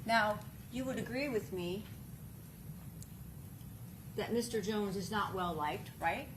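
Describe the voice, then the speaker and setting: A woman's voice: mid-range voice, slow, background noise. Woman cross-examining with leading questions. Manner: pointed, leading questions ending in "right?". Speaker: defense attorney. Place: courtroom.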